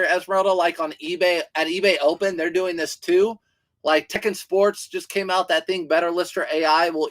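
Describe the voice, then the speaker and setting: A man's voice: a little high, fairly bright tone. A man hosting a casual livestream about reselling, chatting and answering viewer comments as he goes. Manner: chatty, reads viewer comments aloud, restarts sentences.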